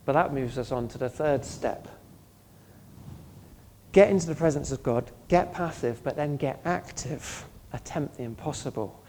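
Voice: medium pitch, moderate pace, warm tone, slight background noise. A pastor preaching a sermon in an earnest, conversational way, often asking the listeners questions.

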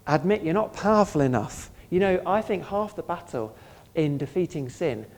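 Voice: medium pitch, animated, moderate pace. A pastor preaching a sermon in an earnest, conversational way, often asking the listeners questions.

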